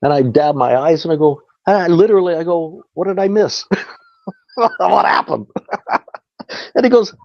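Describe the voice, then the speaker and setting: A man telling a story as a radio guest, in a casual, animated way and with frequent laughs. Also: sits high, measured pace, creaky, pauses often, no echo. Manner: animated, chatty, laughs often. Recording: dull lo-fi dry sound.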